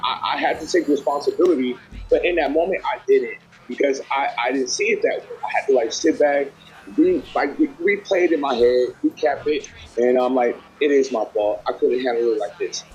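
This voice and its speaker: A man's voice: medium pitch, darkish tone, slightly rough, poor audio. A man on a group call explaining himself at length, rambling with restarts and filler words, audibly emotional. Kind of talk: heated personal explanation.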